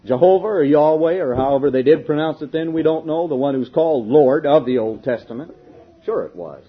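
A man preaching a sermon, firing rhetorical questions and swinging between loud declarations and hushed asides. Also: fairly high pitch, fairly quick, slightly rough, phone-quality sound. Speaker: minister preaching to a congregation.

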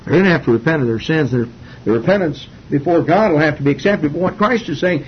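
A man teaching through a Bible passage in an informal, folksy way, with frequent fillers and restarts. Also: fast. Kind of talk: informal Bible study sermon. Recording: dull lo-fi recording with faint rumble.

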